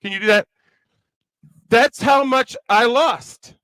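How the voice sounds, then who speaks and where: A man's voice: very high voice, slow, no room sound, poor audio. A man with a Kentucky accent giving a chatty, joking sermon to a youth rally. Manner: chatty, joking, animated preaching. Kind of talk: conversational sermon with comic asides.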